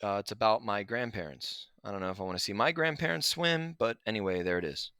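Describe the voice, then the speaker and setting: A man teaching a grammar lesson over slides, relaxed and chatty, with asides to his students. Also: on the low side, fast, clear, resonant tone, no echo. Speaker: Spanish teacher.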